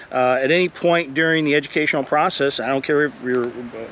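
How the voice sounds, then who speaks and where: A man's voice: mid-range voice, steady tone, fairly quick, a bit bright, highs cut off. A man who teaches college, talking earnestly and encouragingly while walking an outdoor path, a little out of breath, with plenty of fillers. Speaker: college instructor. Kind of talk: walking vlog talk.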